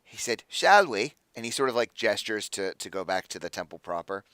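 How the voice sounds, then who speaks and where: A man's voice: sits low, fairly quick, pushed and bright, clean tone, no room sound. Casual male game master, dry sound. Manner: casual, many fillers, hesitant. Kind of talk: narrating a tabletop game.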